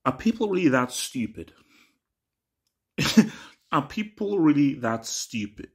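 A man's voice: medium pitch, very animated, takes it slowly, pauses often. A man giving an indignant, emphatic commentary rant in a casual vlog.

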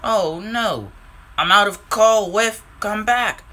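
A man's voice: a little high, moderate pace. A man doing a whiny, grumbling little engine. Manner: whiny, excitable cries. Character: grumbling, impatient male scrap engine.

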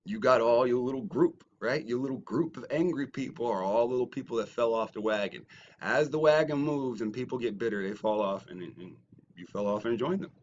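A YouTuber rants fairly quickly in a middling register in a lo-fi, confrontational callout video. He mocks his critics, sliding into low mutters before bursting into shouts, and the audio is dull and muffled.

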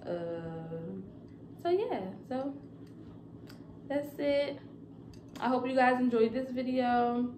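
A woman's voice: a little high, slow, long pauses, roomy sound, background noise. A young woman vlogging casually to camera about new motherhood, rambling with lots of fillers. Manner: chatty and rambling, with many fillers.

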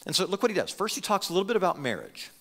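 A male pastor preaching with a bright, forceful voice pitched a little high. He speaks in an animated, conversational way and often restarts his phrases. His voice carries a long reverb from the church sanctuary. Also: rapid-fire. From United States. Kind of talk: sermon.

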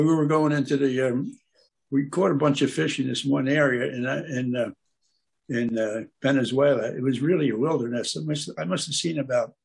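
Gravelly older man telling stories. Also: medium pitch, a little mellow. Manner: meandering, searches for words with many fillers. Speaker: guest speaker at an aquarium club. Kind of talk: rambling anecdotal storytelling.

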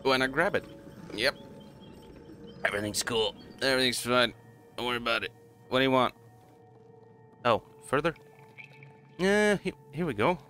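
A man's voice: medium pitch, expressive, normal speed, long pauses, pushed and bright, faint music behind. A man casually commenting on a game as he plays, rambling and chuckling at himself. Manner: rambling, self-mocking, laughs often. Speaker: gaming channel host. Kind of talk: casual let's play commentary.

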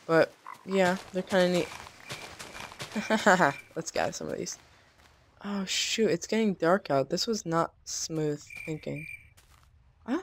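A woman giving casual gameplay commentary as a let's play gamer, chatty and quick to burst into startled exclamations. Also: on the low side, a little hiss or hum.

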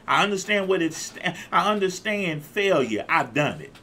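Fifties guy preaching hard, high voice swinging all over, fired up call and response. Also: sing-song, moderate pace, bright, forceful tone, a little hiss or hum. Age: 50s. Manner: exuberant, call-and-response preaching with repeated phrases. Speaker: pastor. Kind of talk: sermon.

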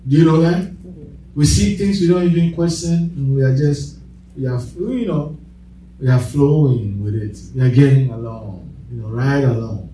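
A man's voice: medium pitch, lively intonation, normal speed, warm tone, slight background noise. A man preaching a sermon, leading his congregation in call-and-response and breaking into bursts of laughter as he tells stories. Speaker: pastor. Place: church. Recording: echoey church hall, distant mic.

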